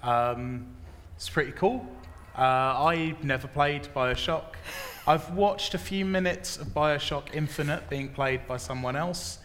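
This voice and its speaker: A man in casual chat, rambling and deadpan. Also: a little high, unhurried. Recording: reverberant room, faint ambience.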